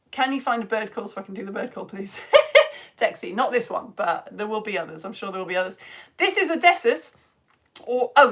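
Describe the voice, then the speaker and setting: A woman's voice: medium pitch, a bit bright. A British woman teaching a live online science lesson, reading out viewer comments and greeting children by name in a gushing, chatty way with self-mocking asides.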